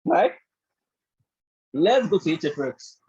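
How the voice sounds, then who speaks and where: A man teaches a trading bootcamp over a group call, his voice pitched high and a little raspy. He fills his talk with "actually" and keeps checking in with the class. The call audio sounds dull and lo-fi. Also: big pitch swings, takes it slowly, darkish tone. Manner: repeatedly checks in with "do you understand?" and "right?"; leans heavily on "actually" and "all of that". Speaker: trading instructor.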